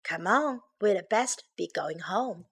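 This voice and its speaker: Storybook part: woman reading a cautious father bear, slow and calm. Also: mid-range voice, breathy edge, full character voice.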